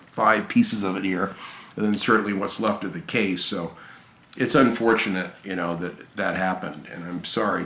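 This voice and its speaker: A tired, hoarse man chatting casually and gratefully about games he received, rambling with fillers and restarts. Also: deep voice, a bit bright, roomy sound, slight background noise. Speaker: gaming channel host. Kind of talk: casual video chat about game pickups.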